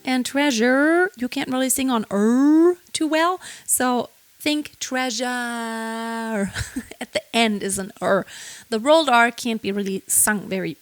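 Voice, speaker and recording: A woman's voice: on the high side, slow, no echo. A woman teaching singing, explaining technique and singing short lines to show it. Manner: explains then sings short lines to demonstrate. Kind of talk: vocal lesson with sung demos.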